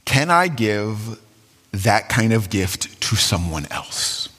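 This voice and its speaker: A man preaching a sermon as pastor, animated and dramatic, acting out quotes with sudden swings in his voice. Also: lowish voice, slow pace, in a large hall.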